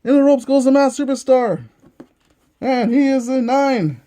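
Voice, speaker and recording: A man's voice: very high voice, a little slow, dark tone. A man hosting a tabletop wrestling game, giving eager play-by-play commentary and repeating each move as he calls it.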